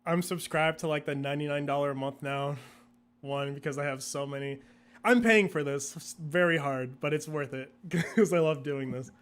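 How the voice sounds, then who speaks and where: Laughing, rambling young man, higher voice. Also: normal speed, clear, resonant tone. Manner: rambling, laughs often, acts out his own thoughts in quotes. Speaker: guest, video creator. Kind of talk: casual interview chat.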